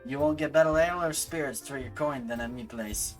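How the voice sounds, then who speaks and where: A man voicing a gruff tavern keeper in a game, speaking in a folksy dialect. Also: mid-range voice, a little fast, faint music behind, close to an everyday voice. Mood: hearty.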